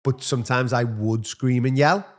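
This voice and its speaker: A man co-hosts a podcast in casual chat. His voice sits at a middle pitch. He reflects aloud in a rambling way, full of fillers. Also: fairly even intonation, normal speed. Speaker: podcast co-host.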